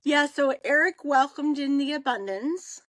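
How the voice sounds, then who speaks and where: A woman, co-hosting a podcast and telling a casual story in an animated way, acting out the people she quotes. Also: high voice, unhurried, dry recording, rough recording. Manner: animated, acts out quoted voices. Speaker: podcast co-host.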